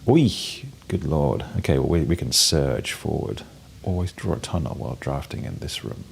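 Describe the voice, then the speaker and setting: A man's voice: very deep voice, animated, normal speed, gravelly, a little hiss or hum. A British man with a cold, giving wry, playful commentary while playing a game, with many ums and restarts. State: has a cold, coughing and sneezing. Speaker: game streamer. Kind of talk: casual gameplay commentary.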